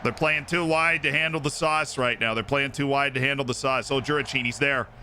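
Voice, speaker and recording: A male streamer giving lively, excitable commentary on a football management game as he plays live, shouting at his players on screen. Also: mid-range voice, a little fast, slight background noise.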